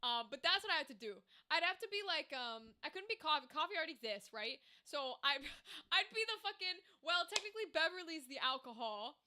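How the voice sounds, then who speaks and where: A woman's voice: sits high, very animated, a little fast, bright, forceful tone. A woman streamer chatting casually to her stream, rambling and swearing freely. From Irish background. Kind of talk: casual chat to a live stream.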